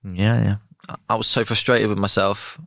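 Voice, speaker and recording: Man reading jokes, low voice, bright, animated storytelling, dry studio sound. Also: moderate pace, gravelly, dry recording. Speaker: podcast co-host. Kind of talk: reading listener jokes aloud.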